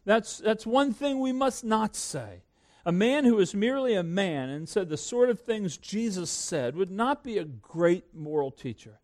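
A man preaching a sermon to a congregation, swinging between loud emphatic peaks and hushed low asides. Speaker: pastor.

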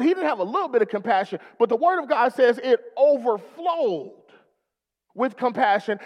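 High-voiced, lively preaching man. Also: in a large hall. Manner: rousing preaching with call-and-response. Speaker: pastor. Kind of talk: sermon.

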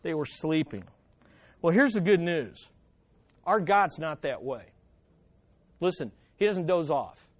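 Dynamic preacher with hushed asides. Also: mid-range voice, lively intonation, takes it slowly, long pauses, no room sound. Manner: conversational, addressing the congregation directly. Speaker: pastor. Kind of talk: sermon.

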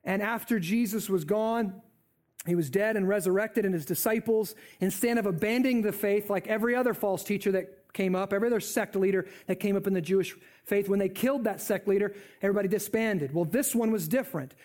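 A man preaching a sermon in an animated, conversational way. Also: high voice, fairly quick.

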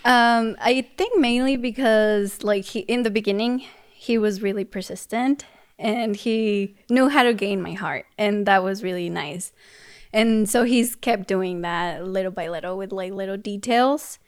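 Giggly woman guest, soft-spoken. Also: medium pitch, unhurried, smooth. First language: Spanish. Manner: soft, laughs often, many fillers. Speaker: podcast guest. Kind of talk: casual interview chat.

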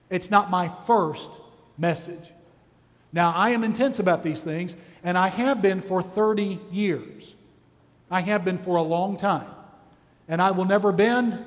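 A man's voice: high-pitched, in a large hall. A man preaching a sermon, intense and full of rhetorical questions. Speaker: pastor.

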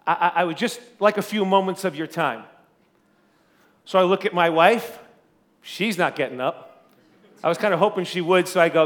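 A male pastor preaching a sermon, telling a story in an animated, conversational way with a loud speaking voice. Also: high voice, normal speed, long pauses.

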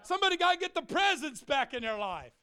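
A middle-aged man preaching a humorous sermon, animated and joking, swinging from shouts to quiet asides. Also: very high-pitched, fast, no echo. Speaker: pastor.

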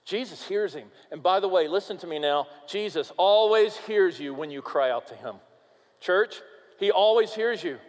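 A man preaching a sermon as pastor, emphatic and animated, sometimes dropping to a quiet, earnest tone. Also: high-pitched, moderate pace. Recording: long reverb of a large hall.

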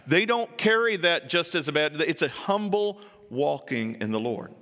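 A male pastor preaching with a bright, forceful, somewhat high voice. He tells the story in a lively way, acting out each voice and rising to emphatic peaks. The sound carries a long reverb, as in a church hall. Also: moderate pace. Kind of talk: sermon.

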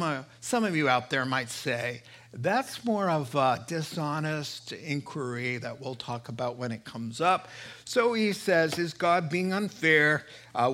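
A man preaches with a bright, forceful voice set a little high. He swells to emphatic, impassioned peaks and then falls to hushed asides. The delivery is a sermon throughout. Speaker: pastor.

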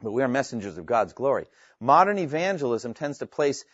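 A man's voice: medium pitch, very animated, fast, no echo, muffled recording. A man teaching the Bible to a live class, earnest and emphatic as he reads scripture aloud, explains it and takes questions.

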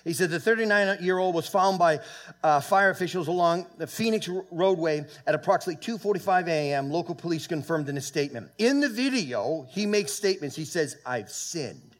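A man preaching a sermon to his church, emphatic, with loud peaks, quiet asides and frequent halting restarts. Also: high-pitched, expressive. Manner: halting, with many fillers and restarts. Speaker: pastor. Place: church sanctuary.

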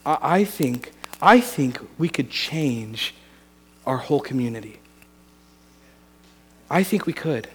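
A man's voice: medium pitch, animated, takes it slowly, pauses often, slightly rough, long reverb tail. A man, a pastor, preaching an earnest, conversational sermon with frequent restarts.

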